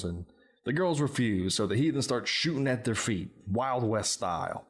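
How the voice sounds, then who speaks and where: A man's voice: on the low side, expressive, moderate pace. A man hosting a podcast, casually recapping a movie's plot step by step, with plenty of filler words. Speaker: podcast host.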